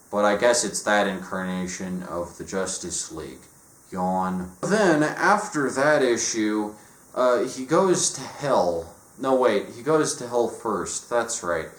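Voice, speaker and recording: A man's voice: sits low, a bit bright. A man ranting sarcastically and profanely as he reviews comics. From United States. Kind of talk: casual rant review. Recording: echoey room with faint noise.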